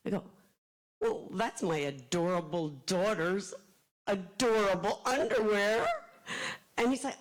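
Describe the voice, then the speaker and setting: A middle-aged woman author shares personal stories before a live audience. She is animated and self-deprecating, and she switches between quick asides and acted-out dialogue. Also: mid-range voice, low-quality recording. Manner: animated, self-deprecating storyteller acting out quotes. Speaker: author speaking at a library event. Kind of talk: storytelling talk to a live audience.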